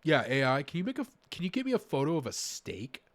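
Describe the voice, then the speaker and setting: Man muttering through a puzzle game, lively pitch. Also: fast talker. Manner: thinks aloud, muttering and trailing off; sudden excited gasps and exclamations. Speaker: streamer. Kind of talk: casual gameplay commentary.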